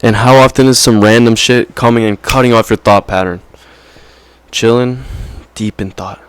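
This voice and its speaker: A man's voice: mid-range voice, steady tone, normal speed, clear, resonant tone, no echo. A young man vlogging in a casual, rambling monologue, peppered with slang and "right?" checks.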